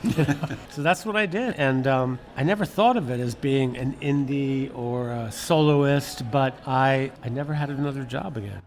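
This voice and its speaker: An older man, a former magazine editor, telling stories in an interview in a lively, candid way, laughing now and then. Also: medium pitch, moderate pace, few pauses, soft background music. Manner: animated, candid, laughs often, swears casually. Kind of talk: reflective storytelling interview.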